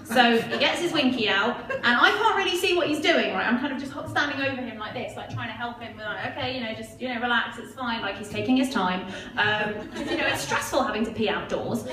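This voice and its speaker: A woman in her twenties performs a chatty, self-mocking stand-up set on a club stage, frequently asking the crowd "right?" Her slightly high voice is expressive and brisk with hardly any pauses, heard from afar through an echoey club mic over audience noise and laughter.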